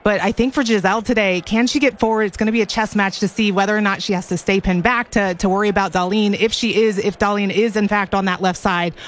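A woman's voice: mid-range voice, steady tone, fast talker, hardly any pauses. A woman working as color commentator, breaking down a soccer match before kickoff with an analytical, questioning delivery. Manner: analytical, builds points with questions. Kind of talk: pre-match sports analysis.

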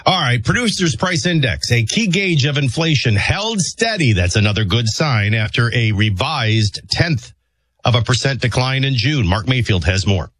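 Animated male morning radio host. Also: medium pitch, moderate pace, no echo. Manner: joking, storytelling, animated. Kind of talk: casual chat and news reading.

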